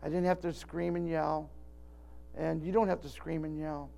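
A man's voice: fairly high pitch, flat delivery, moderate pace, gravelly, dark tone. An older man preaching a sermon in a folksy, rambling way, often restarting his sentences. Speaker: pastor.

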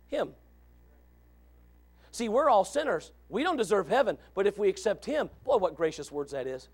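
A man preaching a sermon, moving from quiet asides to shouted exclamations and reading scripture aloud. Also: sits high. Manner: reads scripture in old-fashioned wording. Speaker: pastor. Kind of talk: fiery sermon.

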